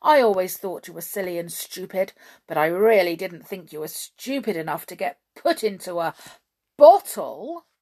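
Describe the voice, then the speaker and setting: A woman voicing a boastful, excitable male goblin in a storybook reading, with loud shrill outbursts. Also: normal speed, slightly rough. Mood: gushing.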